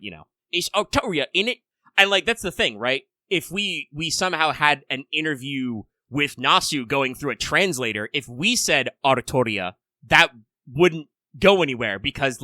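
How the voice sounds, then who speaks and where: An American man co-hosting a relaxed podcast, his voice bright and forward. He rambles, doubles back on words and drops wry asides. The sound is close and dry. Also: medium pitch, no echo. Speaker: podcast co-host. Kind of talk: casual chat.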